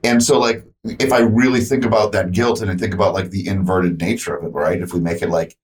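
A man's voice: low-pitched, fairly even intonation, fast. A man co-hosting a podcast in casual, heartfelt chat, candid and reflective, often saying "like". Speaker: podcast co-host.

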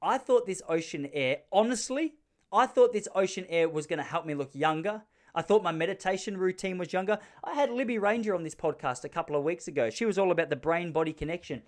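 A man's voice: high voice, animated, fast talker. A man, hosting a solo comedic podcast from a spare room at home, rambling and poking fun at himself. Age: 30s. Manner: rambling, self-mocking storytelling with quoted voices. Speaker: podcast host.

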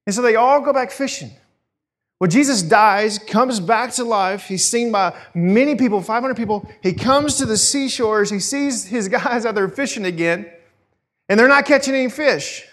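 Conversational, animated male preacher. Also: high-pitched, moderate pace. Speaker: pastor. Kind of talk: sermon.

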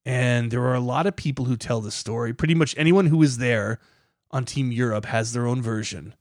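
A man's voice: medium pitch, a little fast, darkish tone, dry recording, clean studio sound. A man hosting a podcast, reading scripted documentary narration with a dramatic, building emphasis. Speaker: podcast host.

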